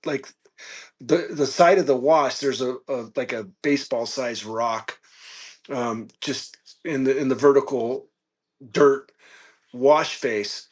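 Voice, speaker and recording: A man guest on a podcast, telling a casual story with animated peaks and frequent fillers. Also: mid-range voice, slow. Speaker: podcast guest, reptile keeper.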